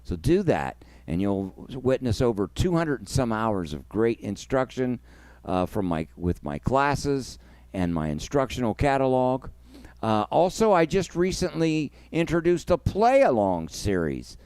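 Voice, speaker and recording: An effusive man chats on his own music livestream, thanking his guest and viewers one by one. His voice is smooth and resonant, with a mid pitch. The sound is dry, with no room echo. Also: very animated, a little slow. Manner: emotional, effusive, thanks viewers warmly by name. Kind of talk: casual livestream chat.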